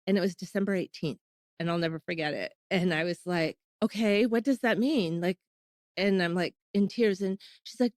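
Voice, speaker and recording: A woman's voice: mid-range voice, moderate pace, darkish tone, no echo. A Canadian woman in her thirties, hosting a podcast and candidly recounting her personal fertility story in a casual, emotional way, often acting out what people said. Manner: candid, emotional retelling with quoted dialogue.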